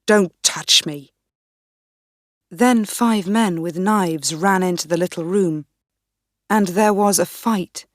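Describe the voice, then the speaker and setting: A woman narrating a graded reader for learners in a slow, deliberate, clear reading. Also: lowish voice, a little mellow, dry recording, studio quality. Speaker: audiobook narrator.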